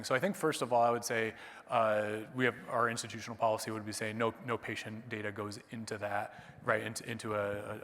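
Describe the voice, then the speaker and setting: A man's voice: fairly low pitch, fairly bright tone. Man presenting in a reverberant lecture hall. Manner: conversational, tags points with "right?". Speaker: conference presenter, clerkship educator. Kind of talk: conference talk with audience Q&A.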